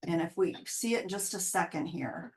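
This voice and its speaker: A woman's voice: lowish voice, animated, normal speed. A woman dog trainer casually explaining dog body language while talking over video clips. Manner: chatty, explanatory, with quoted dog voices. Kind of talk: casual narrated video breakdown.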